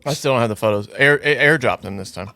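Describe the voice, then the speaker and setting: A man's voice: mid-range voice, fast, pushed and bright, no echo. A man co-hosting a podcast, chatting casually and cutting in with dry, teasing remarks. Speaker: podcast co-host. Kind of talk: casual chat.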